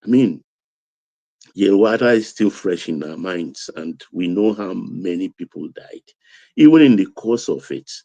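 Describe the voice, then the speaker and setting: A Nigerian-accented man talking politics in a low, dark voice. He drives his points home with emphatic repetition. The sound is dry and close. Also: vocal fry, dry recording, dull audio. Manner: emphatic, building to raised intensity. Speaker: political commentator. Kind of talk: political commentary.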